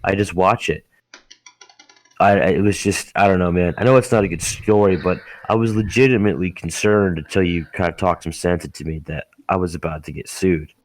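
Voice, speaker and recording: Rambling young man with a low voice. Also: fairly quick. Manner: rambling storyteller, swears freely, restarts often. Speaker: podcast co-host. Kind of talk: casual chat.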